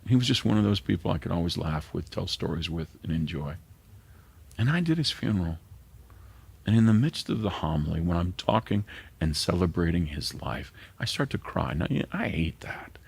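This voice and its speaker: Middle-aged male pastor, earnest sermon delivery, husky low voice with gravel. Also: lively intonation, brisk. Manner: earnest, drops to a hushed near-whisper at times.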